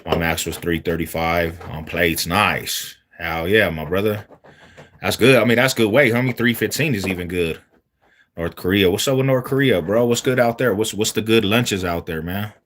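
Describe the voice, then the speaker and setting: A man from Denver on a casual livestream, reading viewer comments aloud and answering them in relaxed, slangy talk. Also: low-pitched, moderate pace, slight background noise. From Denver, Colorado.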